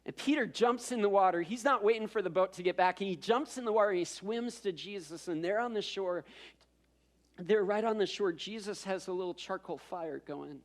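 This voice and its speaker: Male pastor, sermon, conversational storytelling, slightly high voice, repeats words. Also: fairly quick. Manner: conversational storytelling with self-deprecating asides; repeats words when building up.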